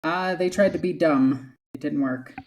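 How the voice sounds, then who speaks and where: Easygoing woman GM, low voice, unhurried delivery. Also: darkish tone. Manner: laughing, easygoing. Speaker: game master. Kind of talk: narrating a tabletop game.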